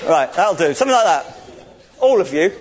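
A man's voice: high-pitched, a little fast. A man preaching in a church service, telling a story with jokes and laughter while directing volunteers. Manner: jokey, laughs often, animated storytelling. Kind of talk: playful interactive sermon, directing volunteers.

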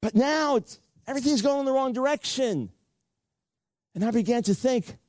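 Older man, preacher, sermon, earnest, repeats phrases, high voice, dry close sound. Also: lively intonation, moderate pace, long pauses, darkish tone, no room sound. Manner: earnest storytelling with frequent repeats.

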